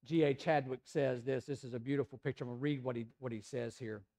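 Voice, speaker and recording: Southern male pastor, middle-aged, mellow tone, chatty sermon delivery with sudden loud and soft turns. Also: medium pitch, steady tone, fast talker. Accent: Southern American. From Tennessee, USA.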